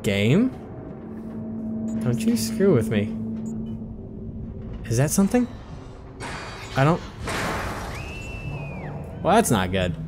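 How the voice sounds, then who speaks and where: Jumpy swearing man with lively pitch. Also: takes it slowly, pauses often, noisy background. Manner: jumpy, swearing, talking to himself. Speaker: let's play commentator. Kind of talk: horror game commentary.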